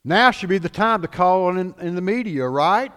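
A man preaching a sermon as pastor, animated, swinging between loud declarations and hushed lines. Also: high-pitched, normal speed, clean tone, in a large hall.

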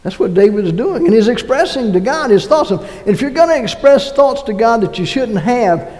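A man preaching a sermon as pastor, reading scripture aloud in an animated way. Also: very high voice, normal speed, long reverb tail, rough recording. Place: church.

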